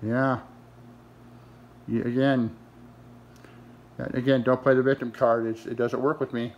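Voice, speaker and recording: A man's voice: medium pitch, little pitch movement, a little slow, darkish tone, muffled recording. A man scolding his dog in a mock-stern, exasperated, sarcastic way, talking to it like a person.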